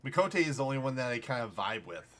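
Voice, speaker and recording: Bright-voiced male gamer chatting casually. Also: mid-range voice, quick pace. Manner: relaxed, joking asides while playing. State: slight tickle in throat. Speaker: streamer. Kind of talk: casual gameplay chat.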